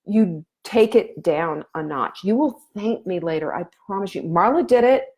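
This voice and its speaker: Earnest middle-aged woman, slightly low voice. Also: expressive, normal speed, a little mellow. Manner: earnest, emotional, motherly advice with many fillers. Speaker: nutrition coach host. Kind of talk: casual live-stream talk.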